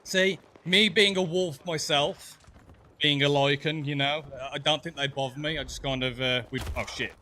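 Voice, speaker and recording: A man with a softened Black Country accent chatting casually while streaming a game, laughing often and stumbling over his words. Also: on the high side, fairly even intonation, normal speed. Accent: Black Country English, softened. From English West Midlands. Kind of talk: casual chat while gaming.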